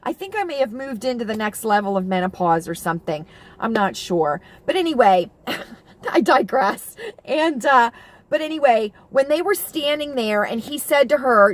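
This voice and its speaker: A middle-aged woman talks chattily to her viewers, wandering from thought to thought with lots of fillers and restarts. Her voice sits a little on the high side, and she gushes with feeling. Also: animated, moderate pace. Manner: gushing and emotional about TV shows. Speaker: vlogger. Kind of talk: casual chat to camera.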